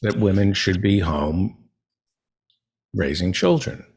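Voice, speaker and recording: A man hosting a political talk show, speaking slowly and earnestly in casual conversation. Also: deep voice, lively intonation, vocal fry, darkish tone, slightly rough. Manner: slow, earnest, eats while talking. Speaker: podcast host.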